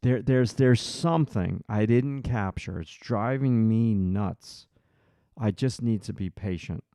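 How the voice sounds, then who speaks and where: A man with a low, gravelly voice teaches portrait drawing on a live stream. He thinks aloud as he works and answers viewers in the chat. The sound is close and dry. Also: slow, mellow, no room sound. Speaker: art instructor hosting a live stream.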